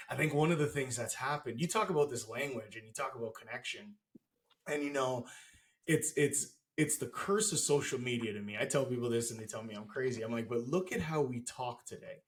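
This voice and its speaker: A man hosting a podcast, telling stories in a lively way with stammered restarts. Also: medium pitch. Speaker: podcast host. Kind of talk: casual interview chat.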